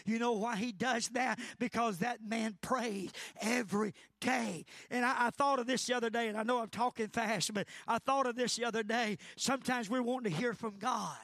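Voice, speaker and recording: A middle-aged man preaching a Pentecostal sermon at a church service, moving between shouted high points and hushed asides. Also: vocal fry, dry recording. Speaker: pastor.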